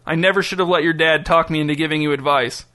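A self-pitying retired businessman confesses and pleads, as a male audiobook narrator voices him. His manner is rueful. The voice is slightly high and forceful. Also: fairly even intonation, fast. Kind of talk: audiobook character voice.

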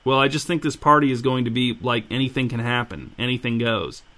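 A man's voice: medium pitch, brisk, pushed and bright, lightly acted. A man reading the part of a laid-back, reluctant teenage boy who speaks hesitantly.

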